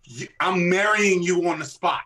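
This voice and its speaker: A man's voice: high voice, sharp tone. A man on a podcast, chatting bluntly with plenty of profanity. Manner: blunt, profane, quick asides. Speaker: podcast co-host. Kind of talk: casual chat.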